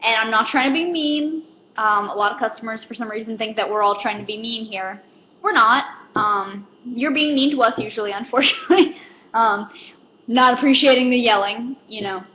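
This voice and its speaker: A woman's voice: a little high, normal speed. Rambling young woman telling retail stories. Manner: rambling with many fillers, acting out customers. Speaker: comedic vlogger. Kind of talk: casual stand-up style monologue. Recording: roomy, dull lo-fi with faint hiss.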